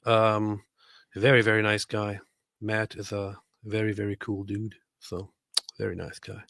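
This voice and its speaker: A man's voice: lowish voice, little pitch movement, a little slow, gravelly, fairly bright tone, no echo, clean studio sound. A man co-hosting a casual livestream, reading viewer comments aloud and joking with frequent laughs. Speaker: livestream co-host.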